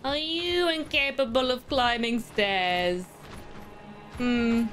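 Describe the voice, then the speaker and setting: A woman streaming a game live, excitable and talking to her chat, swearing and laughing often as she plays. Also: sits high, takes it slowly, pauses often, soft background music. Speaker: gaming streamer. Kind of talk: live let's-play commentary.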